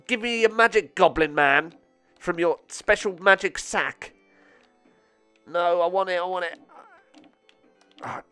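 Excitable man narrating a game. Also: high voice. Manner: excitable, swearing, laughing at himself. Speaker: gaming channel host. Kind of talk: let's-play commentary.

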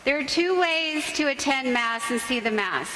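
A high-pitched woman with a bright, ringing tone gives a talk in a church. She tells a lively, humorous story about faith. The sound carries long reverb from the hall, with faint noise behind it. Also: normal speed. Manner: lively storytelling, acts out parents and kids. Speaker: Catholic speaker.

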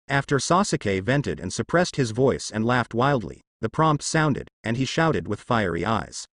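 A man's voice: mid-range voice, very animated, a little slow, hardly any pauses, fairly bright tone, no room sound. Man narrating a story, dry sound.

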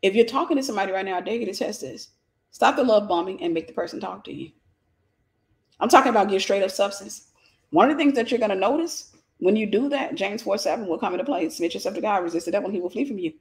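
A woman's voice: medium pitch, fast talker. A woman with a Southern accent giving a preachy, informal Christian lesson on relationships, emphatic and repetitive with folksy jokes.

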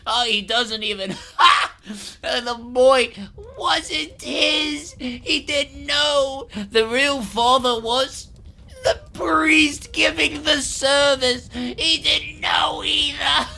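In a full cast audio drama, an actor voices the wizard Merlin, seized by manic laughter over grim secrets. His very high, very slow voice is creaky, bright, and forceful, a full character performance. He laughs helplessly and gasps his way through the words.

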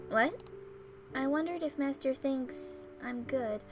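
Woman Let's Player, high voice, emotional reactions, home mic, game music behind. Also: slow pace. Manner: emotional, swearing, teary reactions. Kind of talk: reading a visual novel aloud with reactions. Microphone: home microphone.

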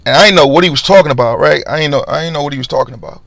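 This podcast host's voice sits on the high side with vocal fry, and he talks rapid-fire. Casual and slangy, he tells a personal story with animated energy, acting out others' voices over a dry recording.

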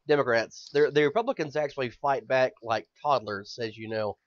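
A man's voice: mid-range voice, moderate pace, dry recording, lo-fi sound. A man hosting a podcast in casual chat, rambling and swearing, often stammering as he builds up steam. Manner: rambling, profane, stammers when worked up. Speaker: podcast host.

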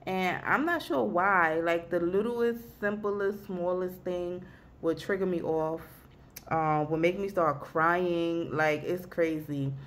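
A young woman talking at her home desk in a casual vlog, rambling and halting, close to tears. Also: lowish voice. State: weepy, emotional. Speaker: vlogger.

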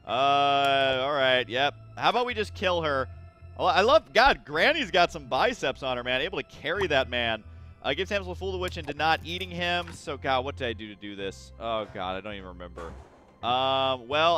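Animated young man narrating gameplay. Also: on the high side. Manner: excitable, quick to exasperated outbursts. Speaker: let's play gamer. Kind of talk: casual gameplay commentary.

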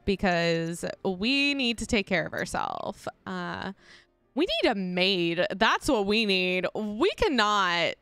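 Lively, unhurried woman gaming chatter. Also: medium pitch. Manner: chatty, giggly, talks to viewers. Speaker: gaming YouTuber. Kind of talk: casual let's-play commentary.

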